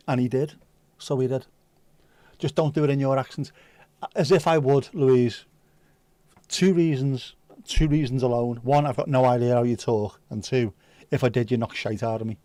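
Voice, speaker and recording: A man's voice: mid-range voice, fairly even intonation, moderate pace, pauses often, warm tone, dry recording. Chatty man in his fifties. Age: 50s. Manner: chatty, swearing, comic storyteller. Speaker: livestream host. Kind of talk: casual chat reading viewer comments.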